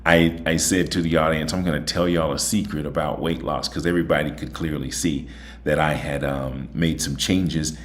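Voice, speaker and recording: Male host, very low voice, folksy and chatty, a bit tired. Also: fairly even intonation, normal speed. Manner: chatty, folksy, repeats "okay?". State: voice a little tired. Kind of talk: casual monologue and phone chat.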